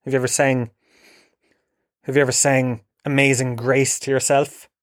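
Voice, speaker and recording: Irish man, sweary sarcastic comic rant, mid pitch, dry. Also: little pitch movement, moderate pace, dry recording. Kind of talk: ranting comedic monologue.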